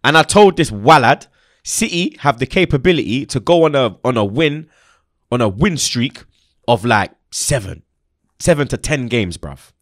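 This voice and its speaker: A man's voice: medium pitch, normal speed, no echo, studio quality. A young man hosting a heated, slangy football chat and making his points with emphasis. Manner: animated, emphatic, street slang. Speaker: football fan show host.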